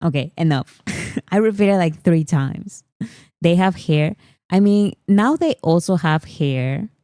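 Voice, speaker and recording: A woman's voice: fairly low pitch, expressive, slow pace, mellow, no echo, studio quality. A woman from Peru, chatting casually on a livestream and laughing often. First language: Spanish. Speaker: livestream host.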